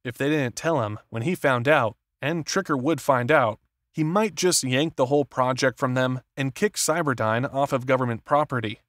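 A man's voice: mid-range voice, no room sound. Dry-voiced male audiobook narrator. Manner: steady, measured reading. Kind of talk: scripted narration.

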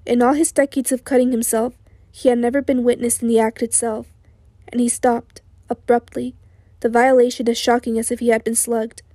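A woman with a hoarse voice reading an audiobook in a slow, steady, sombre way. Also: a little high, dry recording, clean studio sound. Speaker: audiobook narrator. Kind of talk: audiobook narration.

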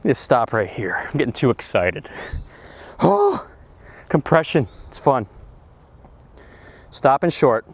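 Excitable man teaching golf. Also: mid-range voice, a little slow, long pauses, slight background noise. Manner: enthusiastic, excitable, exclaims and hoots. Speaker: golf instructor. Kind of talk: energetic golf lesson on the range. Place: outdoor golf practice range.

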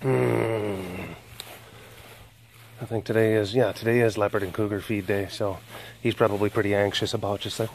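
A man's voice: medium pitch, unhurried, a little mellow, a little hiss or hum. A man talking casually and playfully while filming, cooing baby talk at big cats and narrating outdoors. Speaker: vlogger at a big cat sanctuary. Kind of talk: casual chat to animals and camera. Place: outdoors at animal enclosures.

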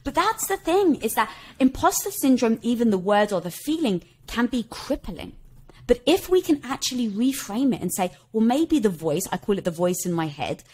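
A middle-aged woman shares her story as a podcast guest. Her delivery is expressive and full of movement in pitch, and she keeps slipping into quoted dialogue with little laughs. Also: moderate pace, slightly rough. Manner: expressive, laughs while telling stories, quotes herself. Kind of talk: animated conversational storytelling.

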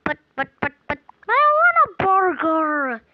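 A woman's voice: high-pitched, lively intonation, slow pace, dry recording, narrow, tinny audio. A woman voicing a petulant boy customer in a pretend game, pleading and stammering.

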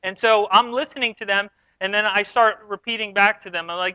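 A man from New York giving a sermon as pastor, telling stories in a relaxed, self-deprecating way. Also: sits high, fairly quick, muffled recording. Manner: conversational, self-deprecating storytelling. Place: church sanctuary.

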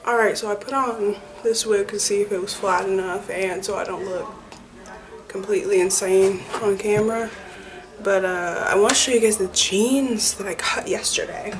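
A young woman vlogging casually at home, chatty and full of "like" fillers, talking toward a camera across the room. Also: medium pitch. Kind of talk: casual vlog chat. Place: bathroom at home. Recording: echoey room, mic far off, noisy.

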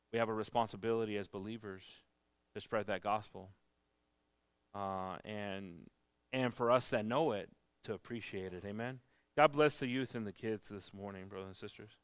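A man preaching a church sermon in an earnest, halting way, often restarting his words. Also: fairly low pitch, fairly bright tone, smooth, dry recording. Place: church service.

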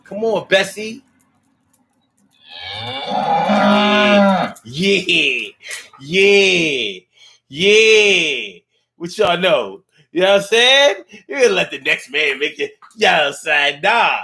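A man's voice: sits high, wildly swooping pitch, moderate pace, creaky, sharp tone, slight background noise. A man delivering a playful, slangy, rambling comedic monologue, at times mooing like a cow.

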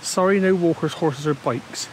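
Background noise fills this outdoor clip of a man with a slightly high voice speaking at a moderate pace. He's a walking vlogger chatting to camera while tackling a steep, windy coastal path, a bit out of breath on the ascent.

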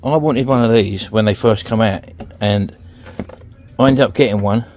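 A man's voice: on the low side, moderate pace, a little mellow, soft background music. A man in his fifties from England, joking and teasing in casual chat while shopping. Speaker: vlogger.

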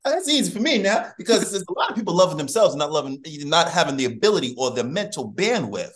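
A man's voice: fairly high pitch, big pitch swings, quick pace. A man chatting on a podcast in a playful, joking way. His voice jumps around a lot, rising and falling as he makes his points. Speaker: podcast guest. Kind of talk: casual chat.

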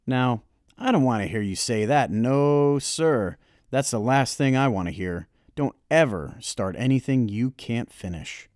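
A man voicing a kindly, proud old grandfather in an audiobook reading, talking in a booming, hearty, encouraging way. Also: expressive, measured pace, a little mellow, dry recording, clean studio sound, natural voice.

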